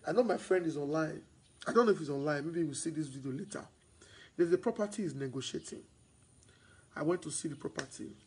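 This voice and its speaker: Excitable Nigerian man, high husky voice. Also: fairly quick, low-quality recording. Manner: mixes Pidgin into English, repeats himself, turns loud and excited. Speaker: real estate agent. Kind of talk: sales broadcast monologue.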